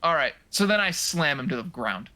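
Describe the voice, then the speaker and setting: Bright-voiced guy playing a tabletop game, super casual, laughs a lot. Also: a little high, very animated, normal speed. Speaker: player.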